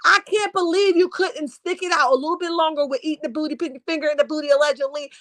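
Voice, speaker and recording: A woman doing sassy, emphatic live-stream commentary and reading viewer comments, her voice going hoarse. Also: high-pitched, steady tone, fast, fairly bright tone, no room sound. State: losing her voice. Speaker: YouTube commentary host.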